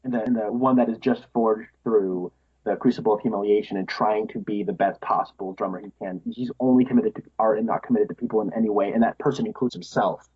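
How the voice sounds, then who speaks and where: An eager man talks through a film with a co-host, tumbling over fillers and laughing between thoughts. His voice is a little husky, and the audio is dull and lo-fi. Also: lowish voice, fairly even intonation, quick pace. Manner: enthusiastic, laughs often, many fillers. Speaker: podcast co-host. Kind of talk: casual film discussion.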